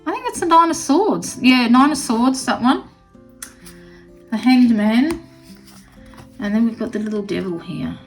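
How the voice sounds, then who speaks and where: A woman's voice: fairly high pitch, animated, unhurried, long pauses, faint music behind, poor audio. A woman tarot reader giving a pet-spirit reading to camera. She is earnest and reassuring, close to tears, and keeps checking in with "okay?". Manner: earnest and reassuring, with frequent 'okay?' tags.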